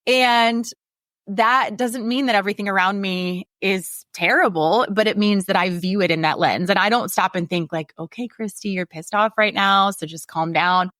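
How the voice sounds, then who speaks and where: A woman's voice: mid-range voice, a bit bright, no echo, clean studio sound. Candid, swearing woman podcast host. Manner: candid, swears freely, laughs often. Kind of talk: casual motivational podcast talk.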